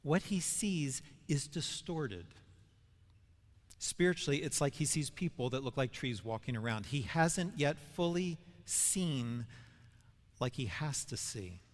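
A man's voice: medium pitch, expressive, takes it slowly. A man giving a Bible teaching sermon, asking questions and building to emphatic peaks. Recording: long hall reverb.

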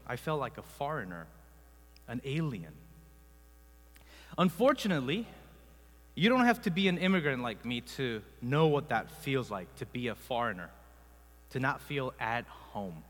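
Korean-born pastor preaching in a reverberant hall. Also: male voice, mid-range voice, fairly bright tone. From South Korea. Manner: conversational storytelling with frequent filler sounds. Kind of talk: sermon.

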